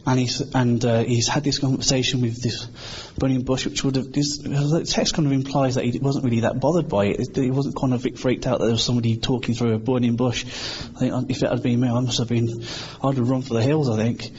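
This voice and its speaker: A man's voice: medium pitch, fairly even intonation, brisk, few pauses, a little mellow. A British man preaches in an earnest, conversational way, acting out the voices he quotes. His recording sounds a little dull, with a faint hiss behind him. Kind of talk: informal sermon.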